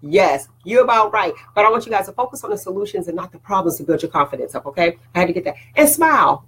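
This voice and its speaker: A woman's voice: mid-range voice, fairly even intonation, very fast, a bit bright, breathy edge, poor audio. A woman hosting a casual motivational talk to her viewers, preachy and conversational, often checking in with "all right?". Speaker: host.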